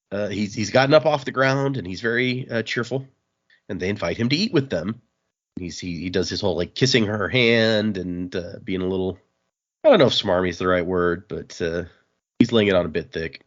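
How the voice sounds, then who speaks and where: A man hosting a podcast, recapping a comic in a relaxed, rambling chat full of fillers. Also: fairly low pitch, moderate pace. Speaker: podcast host. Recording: dull lo-fi sound.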